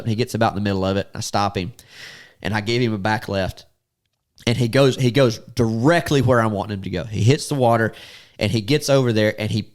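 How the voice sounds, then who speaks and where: A man recounts a hunting trip in easy, casual podcast talk. He slips into the voices of his friends as he goes. His pitch leaps up sharply when the story gets exciting. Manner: animated, acts out quotes with sudden high-pitched outbursts.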